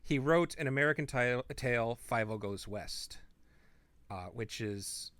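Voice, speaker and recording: A man's voice: medium pitch, lively intonation, measured pace, fairly bright tone, dry recording. A man co-hosting a podcast, chatting casually and rambling into asides. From not from the Midwest. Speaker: podcast co-host. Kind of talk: casual chat.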